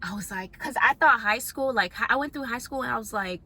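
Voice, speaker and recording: A young woman vlogger talking straight to camera in a casual monologue, blunt and profane, jumping between loud outbursts and hushed asides. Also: on the high side, fast, slightly rough.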